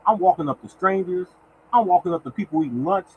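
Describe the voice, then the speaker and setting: Fast and animated, this high-voiced livestream host hands out lottery picks, repeating his encouragement to "y'all" and sometimes thanking chat viewers by name. It is casual motivational talk, heard through phone-quality sound with a little hiss or hum.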